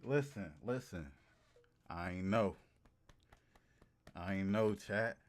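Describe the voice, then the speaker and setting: A man casually chatting to his livestream audience, animated and slangy, repeating phrases for emphasis. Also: low-pitched, takes it slowly. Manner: slangy and profane. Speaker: streamer.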